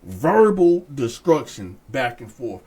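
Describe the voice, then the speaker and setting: An animated man tells a story in a loose, casual way, talking straight to his viewers. He swears freely and keeps things conversational. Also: medium pitch, takes it slowly, slightly rough. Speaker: storyteller host.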